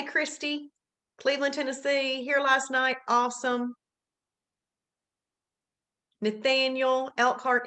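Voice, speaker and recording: A woman's voice: fairly high pitch, a bit bright. A woman with an Alabama accent hosting a live webinar, chatting casually and greeting viewers by name in an upbeat way. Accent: Southern US, Alabama. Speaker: webinar host.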